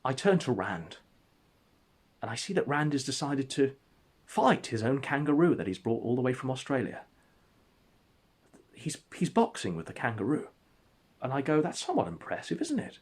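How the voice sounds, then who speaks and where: A man telling an absurd story as comedic narration, in a deadpan, mock-epic way. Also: mid-range voice, moderate pace, pauses often, husky.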